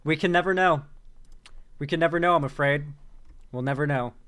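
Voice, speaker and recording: A man's voice: fairly high pitch, a little fast, fairly bright tone, clean tone. A man hosting a casual live-stream commentary, loose and chatty, laughing often as he reads out viewer donations.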